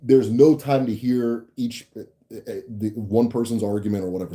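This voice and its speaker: A young host from the United States rambles through viewer comments on his casual livestream, laughing and restarting as he goes. He speaks at a normal speed in a fairly low, mellow voice with a steady tone.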